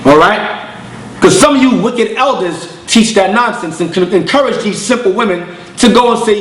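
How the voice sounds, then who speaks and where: A high-voiced man preaching to his congregation in blunt, emphatic street slang, acting out voices in his stories. The recording sits in a roomy, echoey space with a faint hum behind it. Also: moderate pace, fairly bright tone. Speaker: congregation elder and teacher. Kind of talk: preaching lecture with storytelling.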